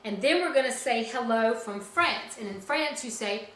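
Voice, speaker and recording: Upbeat woman teacher leading kids' music class, highish bright voice, roomy echo. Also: animated, normal speed. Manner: cheerful, encouraging, speaks to children directly. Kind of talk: children's music lesson.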